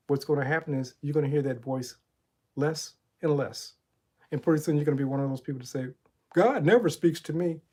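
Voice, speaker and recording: Warm-voiced man giving a preacherly talk. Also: mid-range voice, husky. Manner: preacherly storytelling, retells Bible stories, asks rhetorical questions. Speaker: motivational coach and channel host. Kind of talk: spiritual motivational talk.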